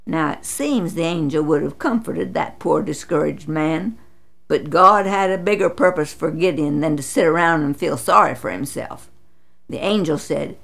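Woman, storytelling narration, dramatic, slow pace, gravelly fry. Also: animated. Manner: dramatic, voices quotes with big pitch swings. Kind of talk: expressive scripted Bible story narration.

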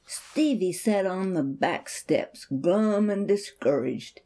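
Slow, mellow woman storyteller. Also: on the low side, expressive. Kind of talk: reading a Christian children's story aloud.

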